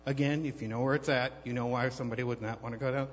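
A man's voice: mid-range voice, fairly quick. Rambling man in a reverberant church hall. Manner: rambling, conversational, many fillers and restarts. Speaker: church member giving a testimony. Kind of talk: personal testimony told as a story. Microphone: handheld microphone held too far off. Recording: long hall reverb, dull lo-fi sound.

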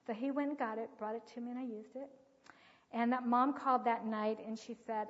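A woman's voice: on the high side, fairly even intonation, a little fast. A woman earnestly telling a story as part of a sermon, with vivid retelling and acted quotes. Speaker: speaker teaching on child discipline. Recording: dull recording with long hall reverb.

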